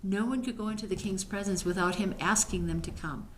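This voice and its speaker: A woman's voice: mid-range voice, brisk, a little hiss or hum. Woman retelling a Bible story casually. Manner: lively, acts out quoted voices. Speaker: Bible study teacher.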